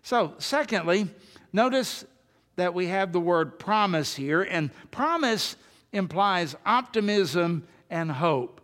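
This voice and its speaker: A man's voice: high-pitched, lively intonation, slow, fairly bright tone. A man preaching a sermon as pastor, earnest and emphatic, repeating phrases to drive his point home. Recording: long reverb of a large hall.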